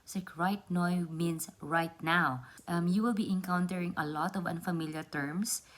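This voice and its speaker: A young woman talks straight to her viewers in a relaxed vlog. Her voice sits low for a woman. She explains things earnestly and repeats words to make her point. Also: normal speed. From Philippines. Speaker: vlogger. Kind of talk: casual vlog talk.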